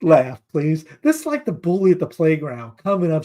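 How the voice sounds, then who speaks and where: Guy hosting a news commentary show, voice on the high side, sarcastic and rambly. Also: very animated, brisk, dark tone. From North Carolina. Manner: sarcastic, reads headlines aloud and mocks them; rambling asides while searching for clips.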